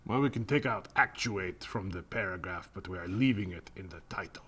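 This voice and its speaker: A man's voice: deep voice, a little fast. A man co-hosting, clowning through recording outtakes in joking banter with a teasing, playful manner. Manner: teasing, playful, breaks off mid-line. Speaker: co-host. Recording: loud background noise.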